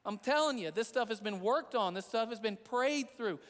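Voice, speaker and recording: A man's voice: very high-pitched, animated, moderate pace, a bit bright, big-room sound. A man preaching a sermon as a pastor, earnest and repetitive in a conversational way. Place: church sanctuary.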